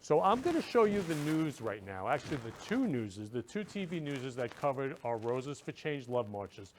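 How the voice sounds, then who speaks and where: A man's voice: mid-range voice, very animated, normal speed, a little hiss or hum. A man hosting his own show, talking earnestly and effusively to viewers, repeating himself often. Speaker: show host. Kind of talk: casual talk to viewers.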